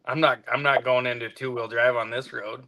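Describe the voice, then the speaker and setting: Bright-voiced laid-back man. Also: medium pitch, fairly even intonation, brisk. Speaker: hound hunting guide, co-host. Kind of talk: casual storytelling chat.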